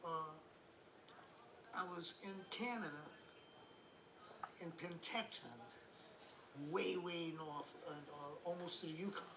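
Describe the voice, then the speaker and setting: A man's voice: a little high, slow pace, long pauses. A New man, a musician guest, telling rambling anecdotes in a casual interview, chuckling and acting out the voices of people in his stories. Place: room on a cruise ship. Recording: roomy with background noise.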